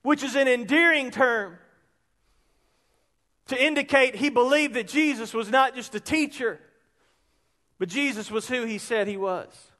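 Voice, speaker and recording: A man, preaching an animated sermon that rises into shouts. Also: very high-pitched. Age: 50s. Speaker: pastor. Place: church sanctuary. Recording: long reverb of a large hall.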